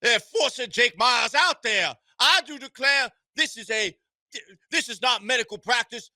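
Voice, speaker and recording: A man's voice: extremely high pitch, unhurried, pushed and bright, dry recording, exaggerated voice. A man voicing a blustering Southern trial lawyer with a put-on American Southern drawl, declaiming in pompous outrage. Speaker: radio host.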